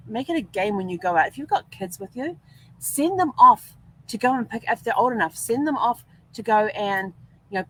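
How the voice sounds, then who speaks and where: Older woman host with a low-pitched voice, casual rambling anecdotes, quick laughs. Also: fairly bright tone, a little hiss or hum, low-quality recording. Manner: chatty, rambling, laughs often. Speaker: podcast host. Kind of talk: casual storytelling monologue.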